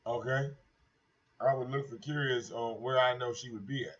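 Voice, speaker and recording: A man's voice: medium pitch, fairly even intonation, moderate pace. A man hosting a casual livestream, talking in a brash, profane, mocking way and repeating himself. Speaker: livestream host. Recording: dull lo-fi stream audio.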